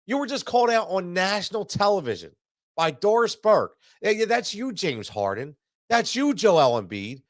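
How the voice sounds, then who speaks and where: Heated, high-voiced man ranting. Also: dry recording, clean studio sound. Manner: heated, repetitive, stammering restarts. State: stuffy with allergies. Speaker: sports show host. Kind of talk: frustrated postgame rant.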